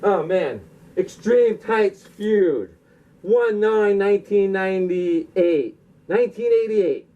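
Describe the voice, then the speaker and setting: A man's voice: high voice, expressive, takes it slowly. A man telling a rambling comedic monologue, packed with "like" fillers, in a dull, lo-fi recording.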